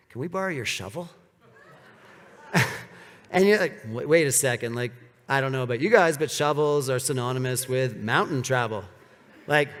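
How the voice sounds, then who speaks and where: A man's voice: mid-range voice, a bit bright. A man giving a live storytelling talk to an audience. He speaks casually, with lots of "like" fillers, and acts out the quoted dialogue. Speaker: presenter at a speaker series. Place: event venue with audience. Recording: long reverb of a large hall.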